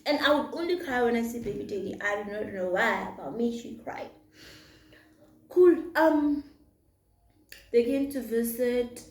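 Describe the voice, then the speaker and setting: A young woman tells a long personal story in a relaxed, chatty way, now and then slipping in Setswana phrases. Her voice sits a little on the high side. The room around her sounds echoey. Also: measured pace, long pauses. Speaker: vlogger. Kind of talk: storytime vlog while eating.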